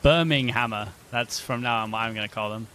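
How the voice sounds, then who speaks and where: A man streams a game and jokes with his chat in a loose, casual way. His voice sits at an ordinary middle pitch. Faint rain sounds from the game run underneath. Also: fairly quick, sharp tone, slight background noise. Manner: joking banter with chat.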